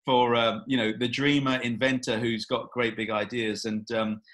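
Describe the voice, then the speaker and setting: A man's voice: medium pitch, moderate pace. Film director man answering at length. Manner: relaxed, rambling, frequent fillers and restarts. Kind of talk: interview answers.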